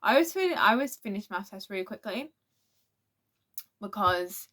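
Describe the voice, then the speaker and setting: A woman's voice: medium pitch, expressive, normal speed, sharp tone. A teenage girl, telling a rambling storytime in a casual vlog, full of restarts and acted-out quotes. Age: teens. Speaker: vlogger.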